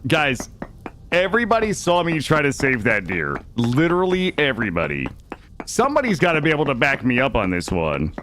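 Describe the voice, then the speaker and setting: Excitable man streaming a game. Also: mid-range voice, brisk, a little hiss or hum. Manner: excitable, jokey, defensive with chat, yelps and laughs. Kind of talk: live gameplay commentary.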